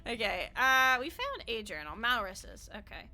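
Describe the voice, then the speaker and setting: Bright, lively young woman streamer. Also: a little high, a little slow. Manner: bubbly and chatty, swears casually, laughs often. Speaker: game streamer. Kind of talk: casual live-stream chat while playing.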